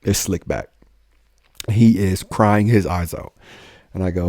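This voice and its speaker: A young man, a police officer, telling his life story in a casual podcast chat, goofy and animated, acting out the lines he quotes. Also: deep voice, a little slow, pauses often, no room sound, studio quality.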